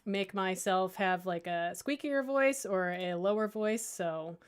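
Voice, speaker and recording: A woman librarian giving a casual software tutorial, thinking aloud, with lots of fillers and restarts and a playful, self-mocking humor. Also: mid-range voice, lively intonation, slow pace, clean tone. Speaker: librarian teaching audio editing.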